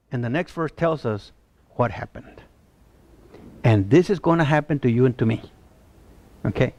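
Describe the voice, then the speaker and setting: A man preaching a sermon, animated and pleading, often asking his listeners if they see his point. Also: fairly high pitch, normal speed, pauses often, no room sound, studio quality. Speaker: pastor.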